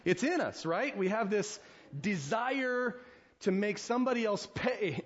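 A man's voice: high-pitched, expressive, a little slow, slightly rough, dull audio. An American man preaching a sermon as pastor, conversational, with frequent restarts and rhetorical questions to the congregation. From United States.

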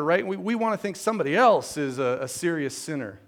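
A preacher, a man with a somewhat high voice, talks through a sermon in a relaxed, conversational way. He jokes with the congregation and often trips over and repeats his words before getting the thought out. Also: a little fast, few pauses. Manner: informal and joking, with frequent restarts and repeated words.

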